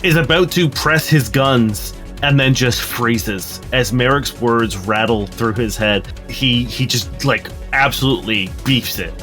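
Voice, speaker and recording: A man's voice: medium pitch, measured pace, hardly any pauses, fairly bright tone, faint music behind. A man narrating a tabletop game as game master, loose and profane, often laughing.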